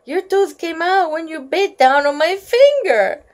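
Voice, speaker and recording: A woman reading a children's book aloud, voicing a kindly, patient older grandfather who speaks gently. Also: very high voice, expressive, a little slow, voice pushed up. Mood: gentle.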